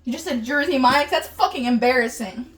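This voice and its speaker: A woman's voice: sits high, fairly quick, far from the mic, very noisy. A young woman in a heated argument, agitated and close to tears, swearing as she rants. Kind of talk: heated argument filmed on a phone.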